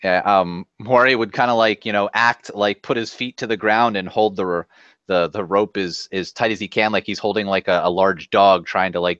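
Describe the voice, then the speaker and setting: A man playing a tabletop game, describing his moves loudly and animatedly. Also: deep voice, a little fast, no room sound. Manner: animated, loud. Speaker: player. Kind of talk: casual tabletop game play. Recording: dull, lo-fi, dry.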